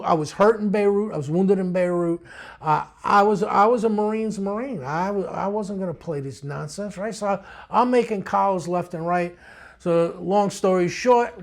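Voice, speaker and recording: Gravelly blunt New man, older. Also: sits high. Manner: streetwise, blunt, animated storyteller. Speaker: retired police detective. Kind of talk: storytelling interview.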